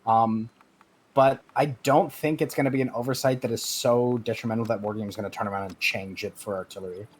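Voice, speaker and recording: A man's voice: fairly low pitch, steady tone, quick pace, slight background noise. A man, a guest streamer in a casual gaming chat, who rambles with many restarts and fillers.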